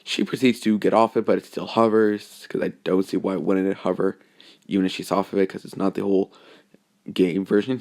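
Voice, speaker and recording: A man's voice: fairly low pitch, darkish tone. A young man narrating a fan story off the cuff, rambling with many fillers and self-corrections.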